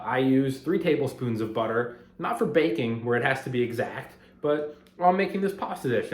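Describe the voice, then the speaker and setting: Man vlogging in an echoey apartment. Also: mid-range voice. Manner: rambling and conversational, grows heated and emphatic. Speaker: finance content creator. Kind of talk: casual talking-head vlog. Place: apartment at home. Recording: roomy echo of a home room.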